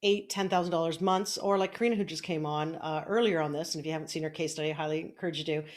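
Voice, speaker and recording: A woman's voice: sits low, fairly even intonation, racing. A middle-aged woman coaching online business on a casual live stream, chatty and upbeat while fiddling with her setup at home. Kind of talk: casual Facebook Live training. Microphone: desk mic, moved around during the stream.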